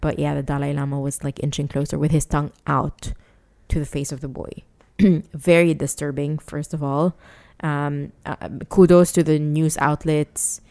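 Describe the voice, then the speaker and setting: Low-voiced woman, earnest and indignant. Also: flat delivery, moderate pace, darkish tone. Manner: earnest, indignant, many restarts. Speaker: podcast co-host. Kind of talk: casual chat.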